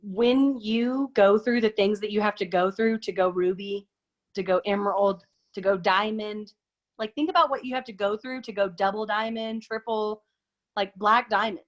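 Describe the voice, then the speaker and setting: A woman hosting a casual chat, talking fast and acting out quoted lines in big, high voices. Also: muffled recording. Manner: chatty, acts out quoted lines with big pitch jumps. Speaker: host. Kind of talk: casual chat on a video call.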